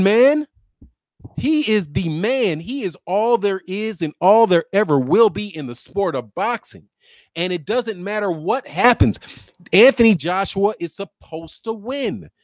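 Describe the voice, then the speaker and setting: A man's voice: high voice, no room sound, clean studio sound. A man hosting a boxing commentary channel, mocking and sarcastic, laughing often as he reacts.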